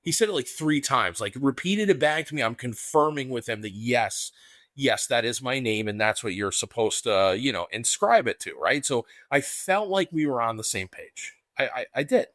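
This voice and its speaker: A man co-hosting a podcast in casual chat, excitable and rambling, with lots of restarts and "dude.". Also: medium pitch, moderate pace, no room sound, studio quality. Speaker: podcast co-host.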